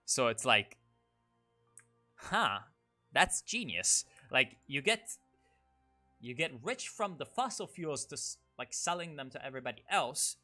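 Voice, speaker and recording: A young man giving loose, rambling commentary on a strategy game, sarcastic and quick to swear. His voice is bright and forceful, and soft background music runs beneath him. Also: mid-range voice, lively intonation. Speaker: gaming YouTuber.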